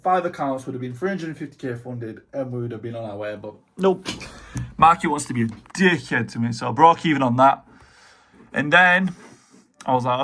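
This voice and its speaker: Animated and fairly bright, a young British man speaks at normal speed in a mid-range voice while day trading live. He narrates his trades casually with lots of slang and swearing, clearly exasperated by near misses.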